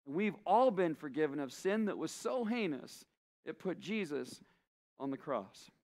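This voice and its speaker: A male pastor delivers a sermon in a fairly high voice. He preaches with passion, stacking repeated phrases to press his point home. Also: lively intonation, a little slow, a little mellow.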